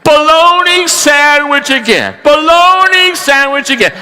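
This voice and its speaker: A man voicing a grumbling construction worker who rants about his lunch in a high, exasperated voice. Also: big pitch swings, a little slow, bright, forceful tone, big-room sound, heavily acted. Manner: whiny, exasperated ranting.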